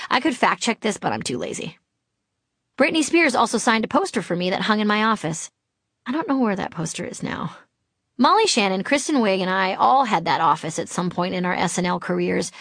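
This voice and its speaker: A woman's voice: medium pitch, no echo. A woman reading her own memoir aloud in a wry, self-deprecating storytelling manner, recorded in a studio. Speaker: memoir narrator. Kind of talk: audiobook memoir narration.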